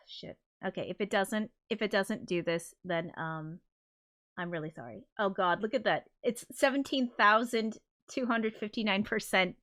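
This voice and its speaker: A woman's voice: medium pitch, normal speed, fairly bright tone. A woman hosting a casual livestream, flustered and apologetic as she talks, swearing under her breath. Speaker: livestream host.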